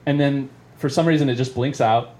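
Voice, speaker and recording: A man's voice: mid-range voice, steady tone, fairly quick, darkish tone. A man doing stand-up, telling a long story in a rambling, self-interrupting way and chuckling at it as he goes. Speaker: comedian. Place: live venue.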